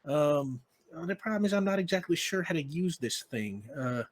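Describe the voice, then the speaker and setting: A bustling Old West saloon keeper, put on by a man in a raised, eager voice. He rambles in a folksy way, pitched higher than a plain speaking voice. He sounds loud and excited. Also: moderate pace.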